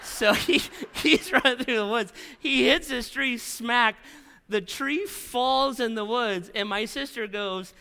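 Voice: medium pitch, slow pace, sharp tone, clear, resonant tone, long reverb tail. A pastor preaching a sermon, telling a story with repeated phrases and frequent "right?" tags.

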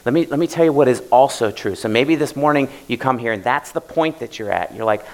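Gravelly-voiced male pastor preaching. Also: mid-range voice, animated, fast talker, few pauses, darkish tone, poor audio. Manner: conversational preaching, often acting out prayers in first person. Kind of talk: sermon. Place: church service.

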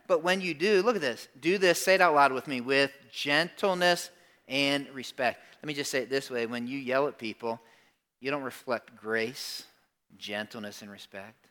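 A man preaching a sermon to a congregation, talking conversationally and swinging between quiet, earnest asides and loud, emphatic bursts. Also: mid-range voice, normal speed. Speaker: pastor. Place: church service before a congregation.

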